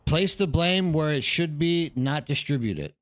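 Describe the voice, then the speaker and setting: A man's voice: a little high, animated, moderate pace, fairly bright tone. A tired man from the Houston area, chatting casually as a livestream host and rambling with lots of "like" and "dude". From Texas, Houston area. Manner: rambling, chatty, says "like" and "dude" a lot, reads the chat aloud.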